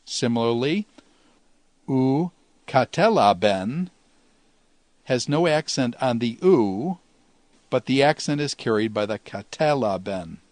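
A man explains Greek grammar in a steady, methodical teaching voice. He slows down to sound out each Greek example. The recording is dry and close, with no room echo. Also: medium pitch. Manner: measured, explanatory, slows to pronounce Greek words.

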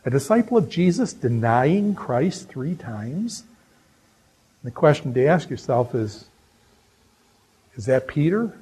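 Male Bible teacher, slightly raspy, talks casually, then goes quiet and earnest. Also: mid-range voice, low-quality recording. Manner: conversational storytelling, drops to hushed earnest tones. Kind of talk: informal Bible lecture. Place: New England.

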